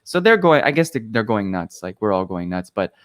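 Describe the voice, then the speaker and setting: A man's voice: on the low side, sing-song, brisk. A young man on a podcast, talking casually and rambling through a story with lots of fillers and restarts. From Canada. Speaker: podcast guest. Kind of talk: casual chat.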